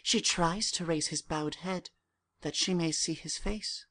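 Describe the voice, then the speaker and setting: A woman narrating the stage directions of an audiobook drama in a plain, measured way. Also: fairly low pitch, fairly bright tone.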